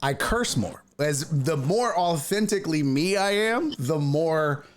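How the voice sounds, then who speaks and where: Comedic male host, lively and loose, swears freely, faint noise underneath. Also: fairly high pitch, measured pace. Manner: laughing, animated, swears freely. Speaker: podcast host and stand-up comedian. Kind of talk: casual interview chat.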